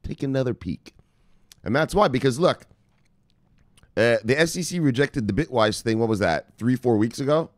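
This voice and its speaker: A man's voice: medium pitch, normal speed, no room sound, studio quality. A man hosting a crypto news show, talking casually with lots of swearing, laughter and playful asides. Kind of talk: casual profane news commentary.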